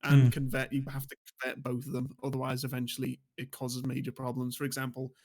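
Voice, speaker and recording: A man co-hosting a gaming podcast, telling a strategy game story with laughs and animated quoted lines. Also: medium pitch, a little fast. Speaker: podcast co-host and streamer. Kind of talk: casual gaming chat.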